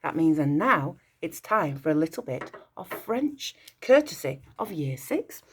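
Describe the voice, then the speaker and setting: A woman's voice: sits low, very animated, a little slow, slight background noise. A woman teacher leading a school assembly, encouraging and praising pupils' work, slipping in short French phrases. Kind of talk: recorded school assembly address.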